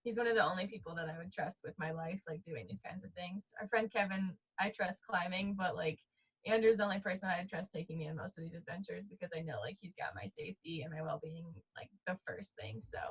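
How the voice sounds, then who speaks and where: A woman's voice: on the low side, brisk, slightly rough, low-quality recording. A woman telling her side of a story as a podcast guest, often laughing as she talks. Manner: giggly, animated. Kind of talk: casual storytelling.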